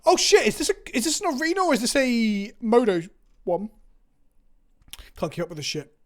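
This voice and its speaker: A man's voice: very high-pitched, big pitch swings, moderate pace. Sweary, chatty English man streaming. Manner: rambling, sweary, self-mocking banter. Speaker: Magic card game content creator. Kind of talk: casual chat on a live stream.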